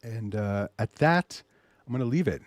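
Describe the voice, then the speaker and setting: A man hosting a show, pitching his service in a loose, animated way and muttering asides to himself. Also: moderate pace, no room sound. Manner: animated salesy pitch, mutters asides while browsing pictures. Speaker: host. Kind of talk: casual promotional talk.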